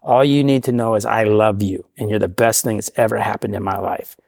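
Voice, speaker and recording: A middle-aged man from the Portland area telling his recovery story in a casual, animated way, acting out the voices of the people in it. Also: fairly low pitch, a little fast, creaky, no echo, clean studio sound. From Portland, Oregon area. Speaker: guest sharing recovery story.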